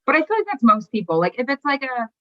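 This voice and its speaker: A woman co-hosting a podcast, casual and skeptical, questioning the others quickly. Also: on the high side, sing-song, lo-fi sound. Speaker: podcast co-host.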